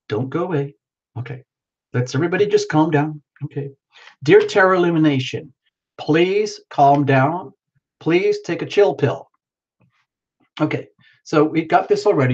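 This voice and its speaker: A man's voice: on the high side, breathy edge, highs cut off. A worn-out man hosting a tarot livestream, rambling casually and greeting viewers by name.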